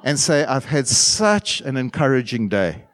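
A middle-aged man preaching a sermon as pastor, animated, with sudden loud bursts and quiet asides. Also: mid-range voice, unhurried.

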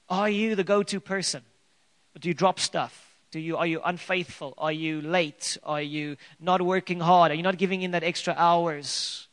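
A man preaching a sermon as pastor, earnest and emphatic, firing off rhetorical questions and slowing down to stress key phrases. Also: high-pitched, steady tone, a bit bright.

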